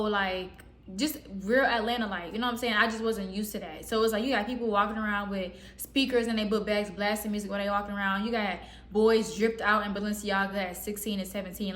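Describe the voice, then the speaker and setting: A woman from the Southern US telling a story casually in a slangy, rambling way with animated quotes. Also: mid-range voice, fast talker. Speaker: storytime vlogger. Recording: roomy echo.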